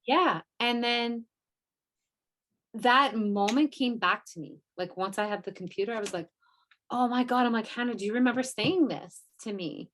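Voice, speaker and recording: A woman's voice: fairly high pitch, normal speed, a bit bright, a little hiss or hum. A woman co-hosting a podcast, telling a story in a casual, rambling way with lots of fillers and quoted asides. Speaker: podcast co-host. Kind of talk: casual chat.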